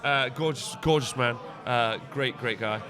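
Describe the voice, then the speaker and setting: A British man doing live commentary on a tabletop wargame, joking and giving shout-outs to viewers. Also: mid-range voice, a little slow, a crowd in the background. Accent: British English.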